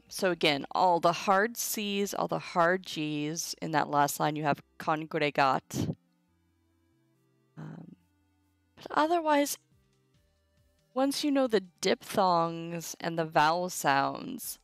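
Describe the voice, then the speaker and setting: A young woman runs a casual livestream Latin lesson, talking slowly and informally with side remarks to her viewers. Her voice sits a little low and is recorded dry and close, with faint music playing behind her. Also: expressive, creaky, dry recording. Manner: chatty and informal, with asides to chat. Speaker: Latin tutor streaming a live lesson.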